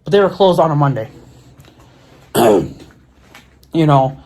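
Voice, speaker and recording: A man's voice: fairly high pitch, animated, slow, a little mellow. A middle-aged man ranting casually on his vlog, swearing often and stumbling over his words. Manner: profane, exasperated, repeats himself and stumbles over words. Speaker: vlogger. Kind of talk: casual angry rant. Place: at home, near his mower and four-wheeler.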